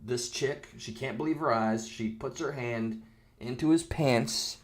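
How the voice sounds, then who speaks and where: A man's voice: medium pitch, a little slow. A man rants to the camera in a loose, rambling way, full of sarcastic asides. His voice sits in an ordinary middle register. Now and then he breaks off to read comments in a mocking tone. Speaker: video commentator. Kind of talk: casual reaction rant.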